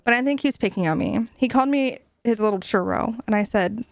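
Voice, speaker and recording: A young woman streaming from home, chatting casually with her chat, giggly, swearing often and animated. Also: fairly high pitch, quick pace, no room sound, clean studio sound. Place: home room.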